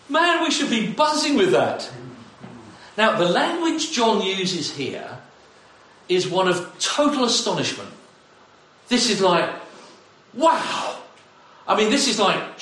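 A man with a high, somewhat bright voice preaches to his congregation in a church hall, speaking exclamatorily and addressing them directly. The recording is echoey and sounds captured from far off.

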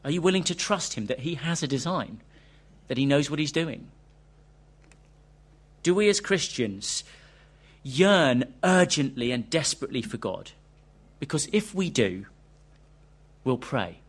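A man's voice: medium pitch, expressive, measured pace, long pauses, slightly rough. A man preaching a sermon, earnest and questioning, reading a quoted interview aloud to his congregation.

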